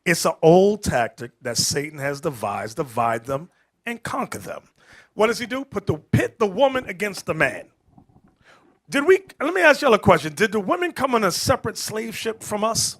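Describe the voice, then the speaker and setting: A man preaching to a group, emphatic, quizzing his listeners and rising into shouts. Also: high voice, sing-song, normal speed. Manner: emphatic, rising to shouts, asks the crowd questions. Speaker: street preacher.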